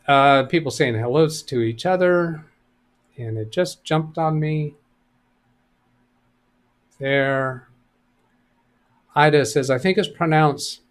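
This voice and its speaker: A man running a live computer help stream, talking casually as he reads viewer messages aloud and answers them, often thinking out loud. His pitch sits in an ordinary middle range.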